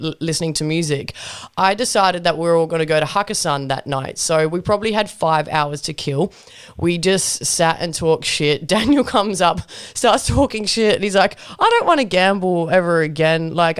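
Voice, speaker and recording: A woman's voice: lowish voice, clear, resonant tone, no room sound, studio quality. A woman hosting a podcast, telling a story casually with lots of laughter and acted-out quotes. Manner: animated, laughs often, acts out quoted lines. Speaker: podcast host.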